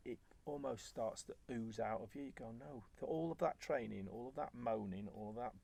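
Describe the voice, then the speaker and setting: A former footballer as a guest, telling stories in relaxed chat and acting out what was said. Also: male voice, mid-range voice, brisk, vocal fry. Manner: animated, acts out quoted remarks. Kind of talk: conversational storytelling.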